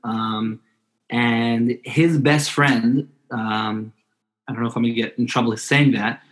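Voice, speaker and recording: A man's voice: medium pitch, fairly even intonation, slow, fairly bright tone. A man speaking as a podcast guest in a casual interview, earnest and heartfelt, often restarting his sentences.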